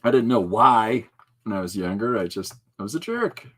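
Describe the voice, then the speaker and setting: A man's voice: fairly low pitch, lively intonation, normal speed, a bit bright, slightly rough. A man hosting a podcast, chatting loosely, joking and laughing often. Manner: jokey, laughs often, breaks into impressions. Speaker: podcast host. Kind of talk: rambling casual chat.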